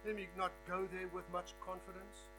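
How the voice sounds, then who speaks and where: A man preaching a sermon as a guest preacher, emphatic, swinging between a hush and raised stress, often repeating words as he builds a point. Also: high voice, little pitch movement, brisk. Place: church hall. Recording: faint mains hum.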